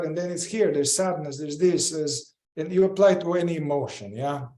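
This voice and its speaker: A man's voice: fairly high pitch, moderate pace, hardly any pauses, warm tone, reverberant. A man teaching a group in a casual, reflective way, often repeating short phrases as he demonstrates a practice. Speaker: group facilitator.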